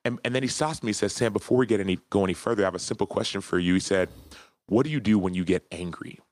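Deep-voiced man telling a heartfelt story. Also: rapid-fire, no room sound. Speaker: podcast guest. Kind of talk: casual interview storytelling.

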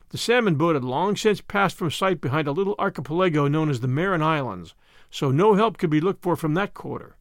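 Expressive male audiobook narrator, dry sound. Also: a little high, no echo. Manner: expressive, dramatic reading. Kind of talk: first-person scripted narration.

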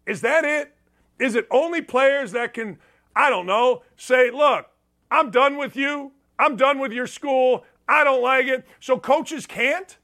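Sports radio host, a man with a high, bright voice, blunt and sarcastic, lively delivery. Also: slow pace. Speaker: sports talk show host. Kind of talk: opinionated sports talk monologue.

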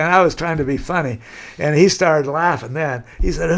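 A man's voice: a little high, brisk, gravelly. An older man telling long, rambling stories as an interview guest, peppered with "kinda" and "you know". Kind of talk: storytelling.

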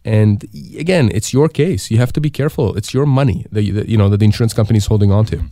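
Talking fast in a fairly low, warm voice, a middle-aged disability insurance lawyer from Canada guests on a radio talk show. He delivers emphatic advice and keeps asking himself rhetorical questions for emphasis, with no echo on the recording.

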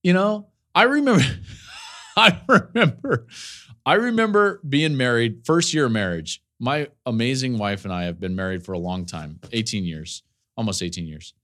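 A man in his forties, a college football analyst, giving podcast commentary with animated storytelling and laughing asides. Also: mid-range voice, normal speed.

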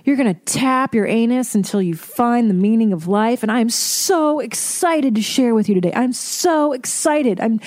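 A woman putting on an overexcited self-help radio host who is plugging her product, gushing with fake enthusiasm in slow, drawn-out words. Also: a little high, darkish tone, no room sound, pitched above the performer's own voice, close to an everyday voice. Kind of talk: mocking impression in a podcast.

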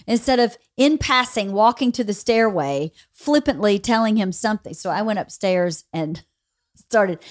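A woman's voice: mid-range voice, normal speed. A woman in her forties hosting a podcast, chatting casually and acting out her family members as she tells stories. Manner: animated storytelling, acts out family members. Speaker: podcast host. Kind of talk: casual chat.

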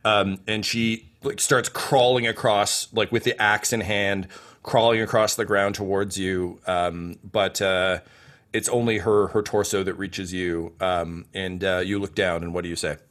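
A man's voice: low-pitched, fairly even intonation, a little slow, a bit bright. Man running a tabletop game. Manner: rambling, filler-heavy narration. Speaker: game master.

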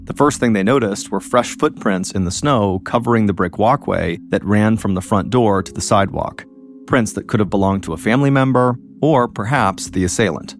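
A man hosting a podcast, telling a true-crime story in a measured, suspenseful scripted narration. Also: lowish voice, faint music behind. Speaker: podcast host.

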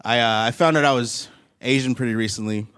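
A man's voice: mid-range voice, brisk, a bit bright. Man doing a loose stand-up set. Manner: loose storytelling, laughs at his own jokes. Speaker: stand-up comedian. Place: live comedy stage before an audience.

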